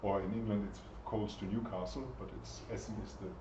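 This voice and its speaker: A man's voice: fairly low pitch, flat delivery, fairly quick, background noise. Guy lecturing, chatty, asks the class stuff, far off in an echoey room, muffled sound. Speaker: university lecturer. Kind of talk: interactive lecture. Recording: echoey, distant, dull lecture-room recording.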